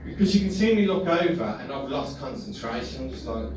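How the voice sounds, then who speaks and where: A man's voice: medium pitch, animated, a little fast, hardly any pauses, a little mellow. A man doing a rambling, sweary, self-mocking stand-up set in a small pub comedy room. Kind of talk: work-in-progress stand-up set. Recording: echoey room, distant mic, noisy.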